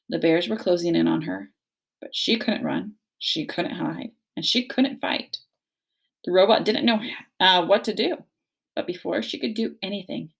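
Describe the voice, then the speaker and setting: A woman reading a children's novel aloud, narrating gently and expressively. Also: medium pitch, expressive, a little slow, creaky, husky. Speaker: reader.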